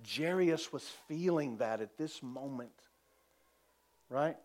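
A man preaching a sermon as pastor. He repeats lines for emphasis, calls out to the congregation and drops to a soft, quiet voice when quoting. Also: medium pitch, expressive, slow, long pauses. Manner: preaching with call-and-response, repeating phrases for emphasis.

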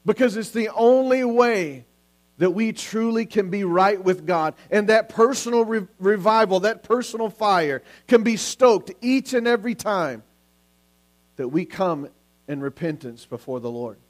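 A man's voice: sits high, expressive, unhurried. A man preaching a sermon as pastor, earnest and full of repeated questions.

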